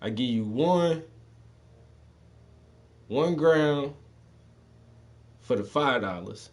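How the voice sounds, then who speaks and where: A man's voice: mid-range voice, lively intonation, drawn-out words. A man with a mixed Southern and Northern US accent, telling stories in loose, profane street slang and often laughing. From Southern United States. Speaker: podcast host telling stories. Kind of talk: casual storytelling.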